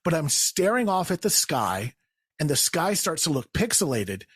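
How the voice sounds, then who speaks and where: A man with a somewhat high, husky voice spins a comic story in casual chat. His pitch leaps around as he acts out the quotes, and he laughs along. The sound is dry and close. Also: normal speed, dry recording. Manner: animated, acts out quotes in raised voices, laughs while telling. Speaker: guest storyteller.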